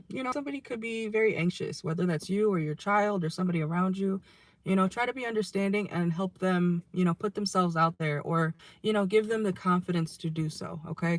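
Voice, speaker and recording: Hoarse, chatty tarot reader in a car. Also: medium pitch, no echo. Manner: chatty, ends phrases with a questioning "okay?". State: losing voice, hoarse. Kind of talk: casual tarot reading to viewers. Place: inside a car.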